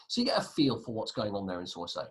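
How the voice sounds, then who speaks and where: A man's voice: lowish voice, wildly swooping pitch, fast, rough recording. A man teaching a history lesson, asking his pupils questions and answering them himself. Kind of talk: classroom lesson video.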